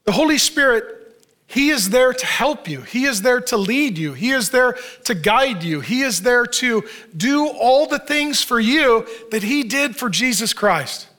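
A man's voice: very high voice, lively intonation, unhurried, bright, forceful tone. A man preaching a conversational sermon in a church, with rhetorical questions, asides and humor. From Arizona, United States. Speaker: pastor.

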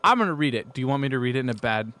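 A man co-hosting a radio talk show, animated and exasperated in his commentary. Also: mid-range voice, very fast. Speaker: co-host.

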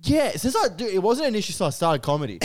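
A man's voice: high-pitched, sing-song, fast talker, dry recording, soft background music. A man, a comedian, telling a story on a casual podcast and acting out both sides of the conversation, swearing freely and laughing through it.

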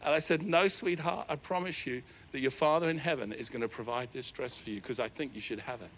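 A middle-aged man with a New Zealand accent, preaching a sermon in a church hall. He tells a personal story in an animated, self-deprecating way. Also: medium pitch, brisk, slight background noise. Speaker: pastor.

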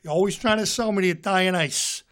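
A man's voice: fast talker, a bit bright. Man doing a growling tough-guy movie star. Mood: chummy. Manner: low, growling, repeats "huh?".

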